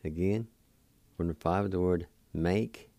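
A man hosting a radio program, teaching words slowly and patiently, spelling them out letter by letter. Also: low voice, dark tone, no room sound. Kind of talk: slow spelled-out language lesson.

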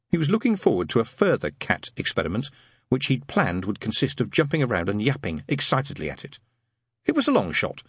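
Man, audiobook narration, wry storytelling, husky voice, dry close sound. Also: lowish voice, no room sound. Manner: expressive, wry storytelling with many character voices.

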